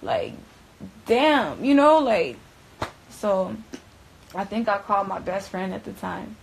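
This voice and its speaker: A woman's voice: medium pitch, measured pace, creaky, slight background noise, low-quality recording. Young woman telling a story, loose and profane. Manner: profane, rambling, fillers like 'bruh'; animated, shifting between loud and hushed. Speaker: interviewee recounting events. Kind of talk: casual storytelling.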